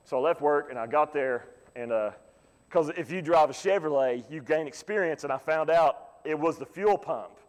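A man's voice: a little high, normal speed. A man in his thirties preaching a sermon in a folksy, conversational way with touches of humor. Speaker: pastor. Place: church sanctuary. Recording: long church reverb.

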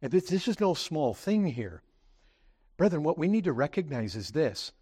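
High-pitched emphatic male preacher. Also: moderate pace, breathy edge. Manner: earnest, emphatic preaching that rises to excited bursts; repeats words when pressing a point. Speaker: pastor. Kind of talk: sermon.

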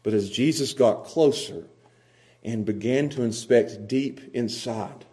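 A man's voice: medium pitch, measured pace, dark tone. A pastor delivering an emphatic sermon in a church, chuckling often and repeating words as he builds his points.

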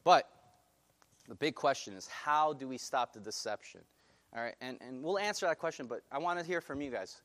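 A male pastor preaching a sermon, animated and putting questions to his congregation. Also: medium pitch, normal speed.

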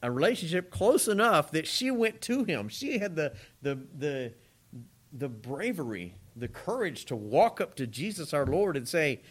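Male preacher, lively swooping delivery, slightly high voice, conversational sermon. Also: normal speed. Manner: conversational, animated preaching with asides to the congregation.

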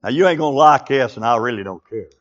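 A man's voice: medium pitch, expressive, fast talker, dull audio. A man preaching a sermon, fervent and full of "uh" fillers, calling out to his congregation. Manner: fervent, with frequent "uh" fillers and call-outs to the congregation.

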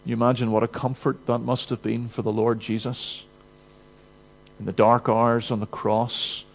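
A man preaching a sermon in an earnest, emphatic manner, rising to urgency and dropping to quiet. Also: medium pitch, flat delivery, moderate pace, vocal fry, rough recording.

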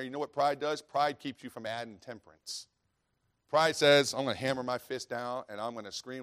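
A man preaching a sermon in a folksy, storytelling way, dropping to quiet asides and rising to loud preaching, reading scripture aloud. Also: mid-range voice. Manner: reads scripture in old-fashioned wording.

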